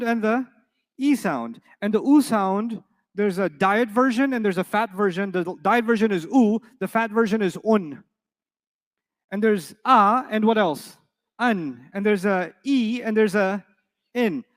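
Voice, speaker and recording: A young man teaching an Arabic grammar lesson, asking his students questions often. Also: high voice. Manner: lively, asks the class questions often.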